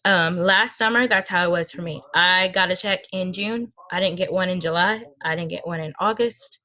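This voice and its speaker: Woman, young adult, bright forceful tone, earnest, emotional, motivational team talk, video call audio. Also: on the low side, normal speed. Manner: earnest and emotional, speaks from personal experience. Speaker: team leader speaking to a sales team. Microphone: video call microphone.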